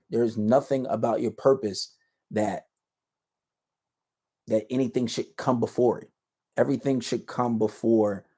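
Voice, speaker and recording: Confident male advice host, blunt and slangy, mid-pitched, lecturing tone. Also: warm tone, breathy edge. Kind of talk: casual advice monologue to camera.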